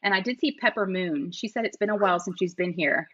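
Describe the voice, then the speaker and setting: A woman's voice: fairly low pitch, fast, a bit bright. Friendly woman livestream host, dull sound. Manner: greets chat viewers by name. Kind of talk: casual chat.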